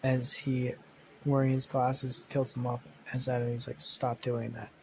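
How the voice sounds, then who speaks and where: A man's voice: medium pitch, monotone, moderate pace, a little hiss or hum, low-quality recording. A man casually narrating an improvised superhero story, rambling with many fillers, self-corrections and swearing.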